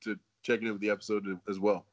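A man in his forties speaks with a fairly low voice in an easygoing way. He tells stories and often breaks into chuckles as a relaxed podcast guest. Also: fast talker, muffled recording. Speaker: guest, former football player. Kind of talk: casual podcast chat.

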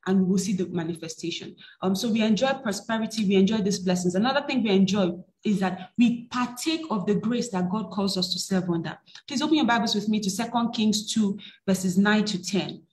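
A woman's voice: mid-range voice, a little fast, few pauses, a little mellow, reverberant. A woman preaching a sermon, reading scripture and rising into emphatic bursts. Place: church.

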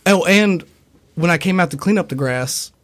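Chatting casually on a podcast, a young man with a high, somewhat bright voice speaks at a moderate pace. His story runs long, rambling, and profane, and he performs other people's quoted lines in their voices.

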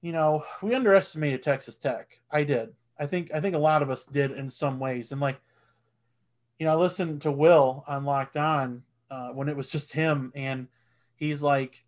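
A man in his thirties co-hosting a casual sports podcast, animated and swearing, and he gets loud when excited. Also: on the high side, moderate pace. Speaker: podcast co-host.

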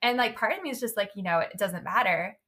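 A woman's voice: mid-range voice, animated, fast talker, pushed and bright, slightly rough. A woman interviewing a guest, asking questions in a hesitant, filler-heavy way. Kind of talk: conversational interview.

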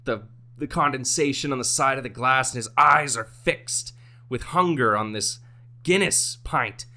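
A man co-hosting a podcast, casually telling a long shaggy-dog joke with a slow build and some swearing. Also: mid-range voice, bright, forceful tone. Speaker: podcast co-host.

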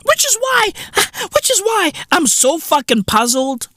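A South African man hosting a comedic podcast, ranting with profane, mocking energy and sudden jumps up into high exclaims. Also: big pitch swings, measured pace, sharp tone, no echo, clean studio sound. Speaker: podcast host.

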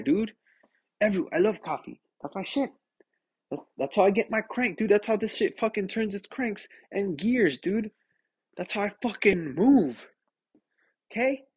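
A young man hosting a podcast, ranting casually with lots of swearing and "dude," sick and short of breath. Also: high-pitched. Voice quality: husky. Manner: profane, animated, says "dude" constantly. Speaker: podcast host.

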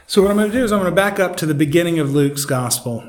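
A man's voice: on the high side, expressive, rapid-fire. A man leading a Bible study, reading a devotion, praying and teaching in a conversational way. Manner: conversational, with fillers. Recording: roomy echo, faint noise.

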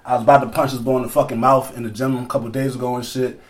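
A man's voice: medium pitch, level tone, very fast. A man hosting a podcast in loose, profane, joking banter with friends. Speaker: podcast host.

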